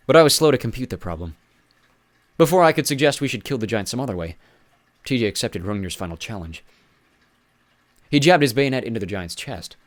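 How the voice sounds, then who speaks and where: A man's voice: on the low side, no echo. A man reading a first-person adventure story aloud with dry, wry asides. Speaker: audiobook reader.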